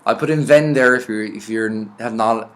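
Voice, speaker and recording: An Irish man teaching a vocabulary lesson, reading each word out and then explaining it in a relaxed, chatty way. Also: fairly low pitch, moderate pace. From Ireland. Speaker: language teacher.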